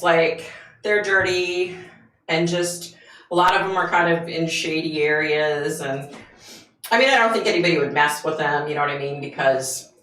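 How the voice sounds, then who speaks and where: A woman's voice: lowish voice, a bit bright, roomy sound, rough recording. A woman hosting a casual livestream from the United States, chatting with viewers and greeting them by name, with lots of fillers. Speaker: livestream host.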